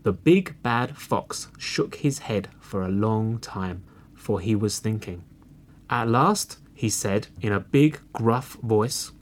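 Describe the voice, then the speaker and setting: A man reading a folk tale aloud as a storybook narrator, expressive and unhurried. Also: fairly low pitch.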